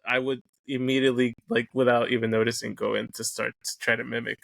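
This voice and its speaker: A man with a mid-range, gravelly voice, recorded dry and close, talks as a podcast guest. He is relaxed and thoughtful and often drifts into asides. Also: medium pitch, quick pace, dry recording. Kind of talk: casual film review chat.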